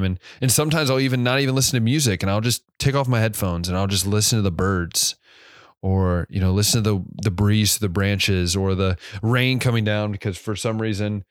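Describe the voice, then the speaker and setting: A man's voice: fairly low pitch, clean tone, no echo, studio quality. A young man hosting a podcast, talking casually and reflectively, rambling and correcting himself with many fillers, and a bit drowsy from yawning. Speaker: podcast host.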